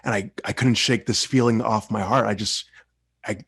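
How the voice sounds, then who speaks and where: Young male speaker, low gravelly voice, dry sound, heartfelt and earnest tribute speech. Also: steady tone, moderate pace, a bit bright, no echo. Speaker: Toastmasters speaker.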